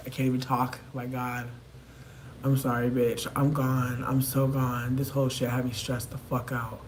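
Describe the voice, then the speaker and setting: A woman livestreaming while high on mushrooms, rambling and swearing as she talks to her chat and repeats herself. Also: level tone, moderate pace, slight background noise.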